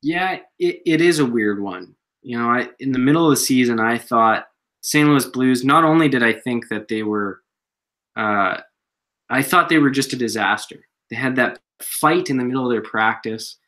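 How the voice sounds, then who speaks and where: A man's voice: mid-range voice, normal speed, a bit bright. A man co-hosting a casual sports podcast, talking in a conversational way as he recounts his own earlier opinions. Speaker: podcast co-host.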